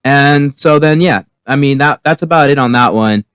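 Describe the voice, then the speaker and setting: A man with a smooth, clear voice at a middling pitch talks through a casual review. He rambles, trips over himself and restarts sentences, and the sound is dry and close. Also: moderate pace, a bit bright, no room sound. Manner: rambling, with many restarts and fillers. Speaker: TV comedy reviewer.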